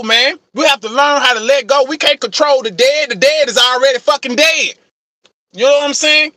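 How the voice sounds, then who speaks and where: High, bright, profane man ranting passionately. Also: dry recording, clean studio sound. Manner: profane, emphatic, repeats "man" and "you know what I'm saying"; calls himself passionate, gets things off his chest. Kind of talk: impassioned motivational rant.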